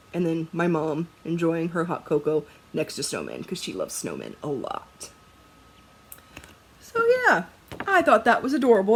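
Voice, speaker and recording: Young female vlogger, husky, very animated pitch, laughs a lot, casual chatter. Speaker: cross-stitch vlogger.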